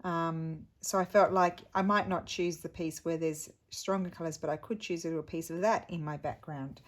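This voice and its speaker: A woman's voice: fairly low pitch, steady tone, normal speed. A middle-aged woman hosting a casual craft tutorial, chatting in a rambling way that trails off and restarts as she shows her materials.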